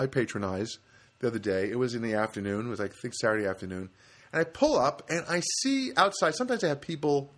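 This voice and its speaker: Male comedian host from New Jersey, rambling casual monologue. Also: medium pitch. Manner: rambling, many restarts, animated asides.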